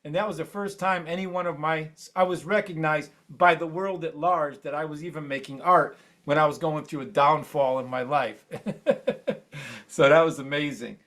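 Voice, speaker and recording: A man speaking between songs at a live open mic, close to tears, giving a halting, rambling, emotional tribute. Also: fairly high pitch, steady tone, fairly bright tone. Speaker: open mic feature performer. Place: small venue stage.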